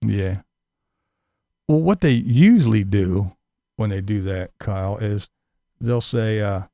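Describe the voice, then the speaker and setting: A man's voice: fairly low pitch, animated, slow pace, long pauses, warm tone, no echo. A male vlogger delivering a profane, sarcastic, combative rant to camera. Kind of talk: ranting monologue to camera.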